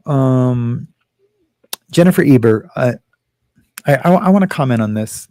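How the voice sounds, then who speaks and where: Host, male, gravelly mid-pitched voice, rambling and emotional, close dry sound. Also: animated, unhurried, long pauses, warm tone, dry recording. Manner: rambling, emotional, many fillers and restarts. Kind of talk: casual talk.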